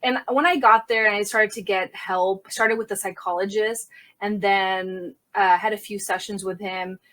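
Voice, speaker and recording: A young adult woman, a crime scene investigator, telling a candid story in an interview and acting out the quotes loudly. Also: mid-range voice, moderate pace. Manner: animated, acts out quotes loudly.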